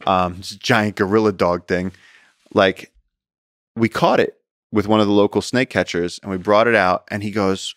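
Low-voiced American man, animated storytelling, dry close sound. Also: normal speed, no room sound. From United States. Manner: animated, acts out quotes, many fillers. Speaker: podcast guest, conservationist. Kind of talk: casual storytelling conversation.

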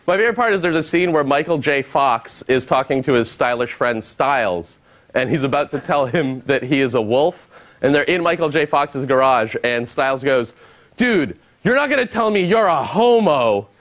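A man doing a stand-up set on a studio stage, deadpan and halting, with many pauses and fillers. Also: mid-range voice. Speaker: stand-up comedian. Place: studio stage before an audience.

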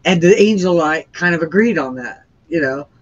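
A woman's voice: sits low, expressive, normal speed. Earnest rambling woman on a dull line. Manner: rambling, with frequent restarts and fillers. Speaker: interview guest sharing a near-death experience. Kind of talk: earnest conversational testimony.

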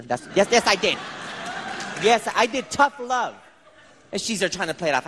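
A middle-aged man from the Bronx doing stand-up comedy, animated and talking straight to the crowd. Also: sits high, fast. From Bronx, New York. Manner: animated, jokey, talks to the crowd. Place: live comedy stage in a large hall. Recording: echoey hall with crowd noise. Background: audience laughter.

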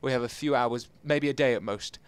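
A man doing excitable, self-mocking commentary over a video game and talking straight to his viewers. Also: medium pitch, brisk, smooth, no echo. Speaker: gameplay commentator. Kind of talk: let's play commentary.

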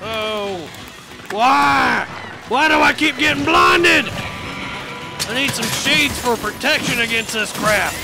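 A man's voice: very high voice, animated, takes it slowly, creaky, heavily acted. A man voicing a belligerent old-timer monster hunter in comedic gameplay commentary, folksy and grumbling. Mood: cranky. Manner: folksy grumbling, cries dadgummit. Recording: game music under voice. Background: video game music.

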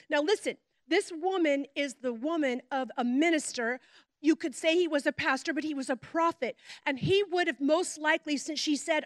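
A middle-aged woman, a pastor's wife, preaching a sermon with animated storytelling and chatty asides. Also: high voice, brisk, dry recording, studio quality.

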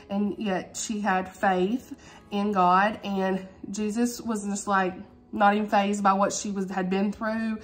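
A woman talking casually to her camera at home in a reading vlog, heartfelt and chatty, calling listeners "y'all" and "honey". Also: mid-range voice. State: tearful, emotional. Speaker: book vlogger.

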